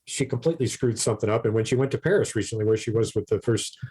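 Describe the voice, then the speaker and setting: A man's voice: on the low side, racing, warm tone, a little hiss or hum. A man co-hosting a casual podcast, ranting animatedly about politics, swearing freely and often repeating his words. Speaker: podcast co-host.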